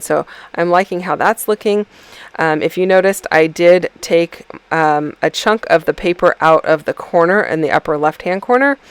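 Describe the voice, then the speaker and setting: A woman's voice: deep voice, clear, resonant tone, no echo. A woman casually narrating her scrapbooking process in a chatty, rambling way, with lots of ums and self-corrections. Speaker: scrapbooking video creator.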